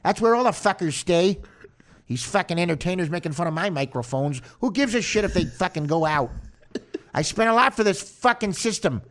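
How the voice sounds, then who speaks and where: A man's voice: high voice, expressive, fairly quick. A man putting on a hot-tempered middle-aged male Midwestern mobster with a Chicago mob accent, ranting profanely. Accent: put-on Chicago mob accent. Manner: profane, snarling, loud ranting.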